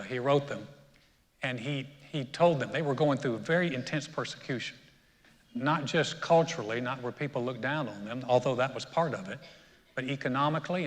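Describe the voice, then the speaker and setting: Storytelling pastor in a reverberant church. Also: male voice, mid-range voice. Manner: storytelling preacher, builds to emphatic peaks. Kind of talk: sermon. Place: church sanctuary. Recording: long reverb of a church hall.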